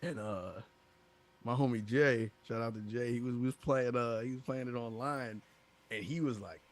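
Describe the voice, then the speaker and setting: A man co-hosting a gaming podcast, telling stories in a casual, animated way and acting out other people's lines. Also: medium pitch, moderate pace. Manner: animated, laughing, acts out quoted voices. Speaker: podcast co-host. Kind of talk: casual storytelling chat.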